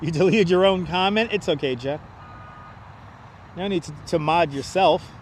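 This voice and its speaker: High-voiced man joking through a livestream. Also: normal speed, slight background noise. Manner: joking, mock folksy 'there, eh?' phrasing; calls out arriving flights like an announcer. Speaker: livestream host, plane spotter. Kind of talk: casual live commentary to chat. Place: outdoors near an airport runway. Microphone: wireless clip-on mic.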